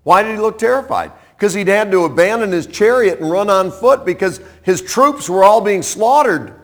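A man preaching a sermon, retelling a story in a conversational way, with dramatic swings from loud to hushed. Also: sits high, moderate pace. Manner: animated, conversational, dramatic shifts in loudness.

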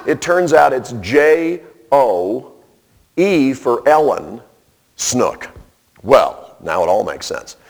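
A man preaching in a storytelling style, animated and self-deprecating. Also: medium pitch, slow, gravelly. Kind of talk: storytelling sermon.

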